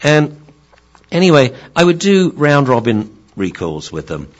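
A man, a dog trainer, giving a lively lecture-style talk and acting out the people in his stories, on a slightly dull, lo-fi recording. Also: mid-range voice, a little slow.

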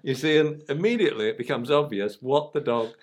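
A man hosting a casual podcast about dogs, an animated storyteller who acts out voices. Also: medium pitch, fairly quick. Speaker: dog trainer and podcast host.

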